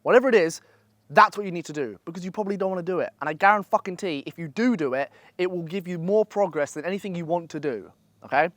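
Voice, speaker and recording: A man's voice: sits high, fast talker, fairly bright tone, no echo. Blunt, profane young man. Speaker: online business coach. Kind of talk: casual motivational vlog talk. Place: holiday villa in Greece.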